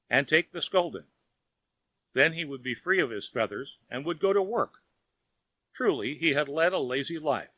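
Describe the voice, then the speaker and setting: A man narrating a children's audiobook in a lively storytelling manner. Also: mid-range voice, no echo.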